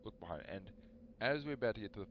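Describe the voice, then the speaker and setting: A man's voice: lowish voice, racing, muffled recording, slight background noise. A young man rambling through a story on a live stream, talking back to his chat. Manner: rambling, animated, talks to chat.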